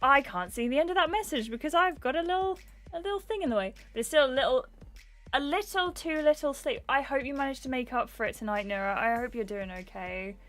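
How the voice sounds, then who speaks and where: A woman's voice: high voice, animated, fairly quick, fairly bright tone, faint music behind. A young adult woman livestreaming a game, chatting casually and greeting viewers by name. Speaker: gaming livestreamer.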